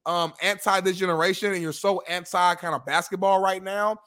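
A man's voice: sits high, steady tone, a little fast, pushed and bright. A man co-hosting a casual sports talk show, arguing his points and often repeating words as he talks. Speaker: co-host.

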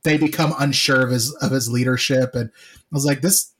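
A man's voice: medium pitch, fairly quick, slightly rough. A man co-hosting a casual movie podcast, telling stories animatedly and acting out quotes. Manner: animated storyteller, laughs, acts out quotes. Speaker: podcast co-host.

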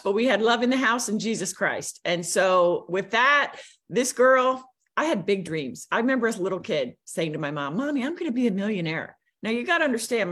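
A woman in her forties, a guest on a livestream, telling her life story in a lively, animated way. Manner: lively storyteller, swings pitch a lot. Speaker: guest, business coach.

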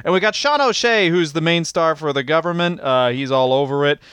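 Podcast co-host, man, crude jokester, smooth higher voice, dry close mic. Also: fairly quick, a bit bright, dry recording. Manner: crude and joking, swears often. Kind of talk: casual comedic chat.

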